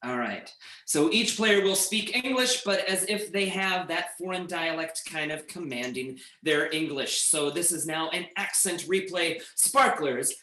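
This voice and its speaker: A man hosting an improv comedy match, calling games briskly. His voice is bright and fairly high. An echoey room surrounds him. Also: expressive, a little hiss or hum. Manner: brisk, announcing. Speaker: improv match referee host.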